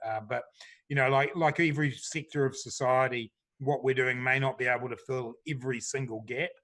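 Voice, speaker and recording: In a medium-pitched voice, a middle-aged government minister takes questions from a panel, keeping his answers casual and chatty and sprinkling in plenty of fillers.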